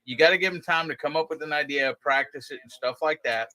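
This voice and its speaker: A man's voice: fairly high pitch, quick pace, pushed and bright, dry recording, poor audio. A man hosting a casual live-stream chat, explaining plans in a rambling way and repeating phrases. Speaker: show host.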